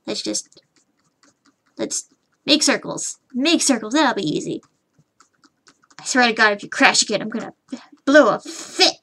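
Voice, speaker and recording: A woman's voice: a little high, animated, moderate pace, creaky, long pauses, bright, forceful tone, husky. A woman streaming herself drawing, rambling to herself, humming and muttering, frustrated and swearing casually at her computer. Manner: rambling self-talk, muttering and humming while working. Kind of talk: live drawing stream chatter.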